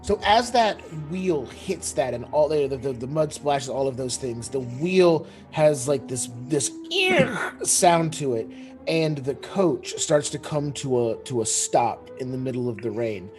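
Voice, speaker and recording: A man narrating a tabletop horror game as game master, animated and full of fillers and restarts. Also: medium pitch, unhurried, soft background music.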